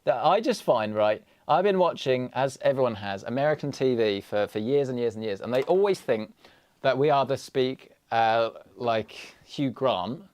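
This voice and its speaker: A young English man with an English accent hosts a PC build livestream, chatting casually and joking at his own expense as he works, with chatty asides. His mid-range voice is expressive and a little mellow, at a moderate pace, with no room sound.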